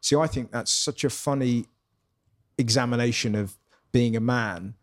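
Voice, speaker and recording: A man's voice: mid-range voice, moderate pace. A man who is a comedian guest, chatting in a pub in a reflective, hesitant way with trailing phrases. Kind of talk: casual chat.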